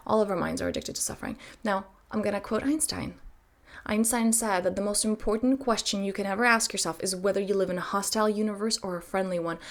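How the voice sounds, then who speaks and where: A woman in her thirties, a self-help coach giving a motivational talk to camera, emphatic and full of rhetorical questions. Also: mid-range voice.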